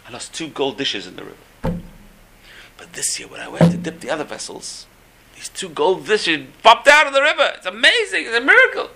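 A man voicing an excited male servant who reports a miracle to his master. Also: mid-range voice, moderate pace, vocal fry, long pauses, background noise. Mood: amazed.

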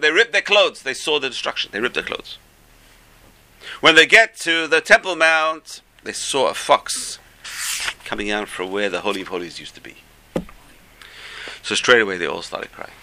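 A man teaching a Torah lesson as an animated storyteller, rising high when he quotes the rabbis and dropping low for his asides. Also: vocal fry, a little hiss or hum.

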